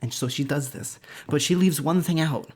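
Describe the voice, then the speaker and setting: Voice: mid-range voice, normal speed, darkish tone, husky. A casual, irreverent storyteller retelling an old saga with a rambling, joking manner. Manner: irreverent, rambling, with fillers and swearing.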